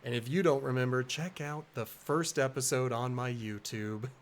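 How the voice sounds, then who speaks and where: A man's voice: medium pitch, normal speed, a little hiss or hum, natural voice. A man voicing a caring, teasing teenage girl in a raised, coaxing sing-song, reading game dialogue aloud.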